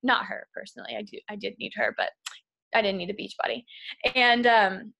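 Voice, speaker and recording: A woman's voice: medium pitch, fairly even intonation, brisk, gravelly, pushed and bright. A young adult woman, a guest speaker, telling a candid personal story to a group, often filling with "like" and sometimes close to tears. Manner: candid and emotional, many "like" fillers. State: tearful at moments.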